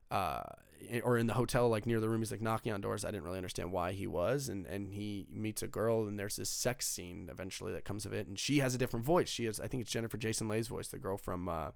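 Young male film reviewer, loose and profane, lots of fillers, mid-pitched and crisp. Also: dry recording, studio quality. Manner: rambling, profane, filler-heavy. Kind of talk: casual spoken movie review.

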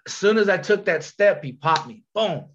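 A man telling a story on a podcast in a casual, animated way, full of slang, repeats and restarts. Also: sits high, brisk, muffled recording, crowd noise.

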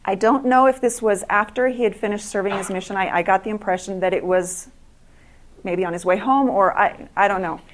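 Middle-aged woman, speaker at an evening event, earnest storytelling, frequent restarts, mid-pitched voice. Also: brisk. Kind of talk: storytelling speech to an audience.

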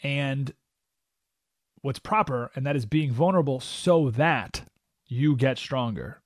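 A man's voice: medium pitch, lively intonation, slow pace, no echo, clean studio sound. A man hosting a radio talk show, giving an emphatic, opinionated monologue and acting out the voices he quotes. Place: radio studio.

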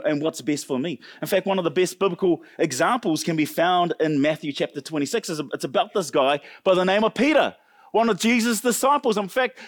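A man preaching a sermon, animated and conversational, acting out the people he quotes and often restarting his words. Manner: animated, acts out quoted voices with big pitch jumps; many restarts and repeated words. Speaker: pastor.

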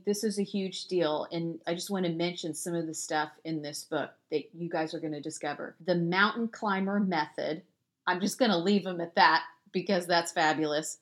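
A woman's voice: fairly low pitch, steady tone, moderate pace. A woman hosting a faith-based interview, affirming and encouraging her guest. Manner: warm affirming, frequent agreement. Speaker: podcast host.

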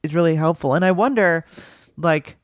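A man's voice: a little high, normal speed, no echo, clean studio sound. A man chatting casually about a film as a podcast co-host, rambling with lots of fillers and restarts.

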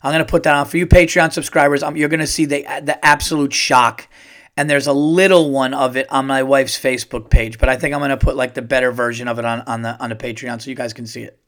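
A middle-aged man hosting a podcast, telling a long personal story in a rambling, excited way and swearing often. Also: mid-range voice, fast talker. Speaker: podcast host. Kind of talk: casual storytelling monologue.

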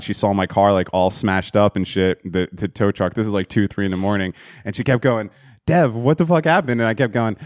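A man with a low voice, chatting crudely and swearing as he rambles through his stories. The sound is dry and close, with no room around it. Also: clean tone, dry recording. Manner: rambling, profane storyteller, laughs at own jokes. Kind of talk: crude casual chat.

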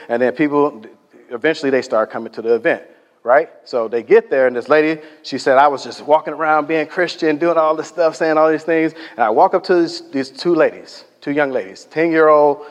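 Emphatic preacher in a reverberant hall. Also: male voice, a little high, a little fast. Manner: storytelling, emphatic, drops to near-whispers for effect. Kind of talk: sermon.

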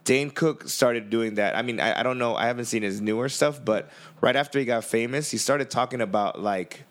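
A man hosting a podcast in casual chat, speaking haltingly with many "like"s and "uh"s. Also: mid-range voice. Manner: halting, full of "like" and "uh". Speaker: podcast host.

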